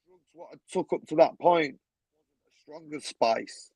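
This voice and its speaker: A man, a podcast guest telling animated stories, swearing often and acting out other people's voices. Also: on the high side, moderate pace, slightly rough, dry recording, rough recording. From Manchester, England. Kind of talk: casual storytelling.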